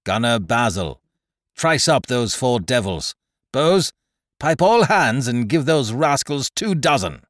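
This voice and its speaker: A man's voice: medium pitch, very animated, takes it slowly, fairly bright tone, no room sound, studio quality, voice pushed up. A man voicing a stern ship's captain who barks orders and cold rebukes. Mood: stern commanding. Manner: stern, commanding. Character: stern male ship captain, commanding.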